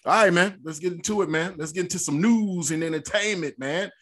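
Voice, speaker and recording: A man's voice: high voice, a little fast, a bit bright. A man hosting a podcast, bantering loosely among friends with lots of slang and laughter. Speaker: podcast host. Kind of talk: casual chat.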